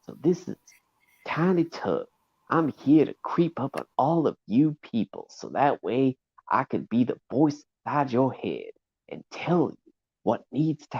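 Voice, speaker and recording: A man voicing a tiny, chipper male redneck doll with a put-on Southern accent, folksy, slow and creepy-cheerful. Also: medium pitch, husky, highs cut off, voice pushed up, heavily acted. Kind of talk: improvised character voice on a stream.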